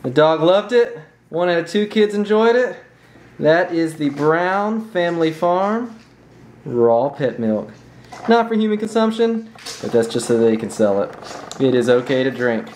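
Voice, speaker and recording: A woman's voice: low-pitched, lively intonation, unhurried, darkish tone. A woman talking casually to the camera in a home kitchen, explaining things in a folksy way. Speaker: parent vlogger. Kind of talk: casual home video talk. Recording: camera autofocus noise in the background.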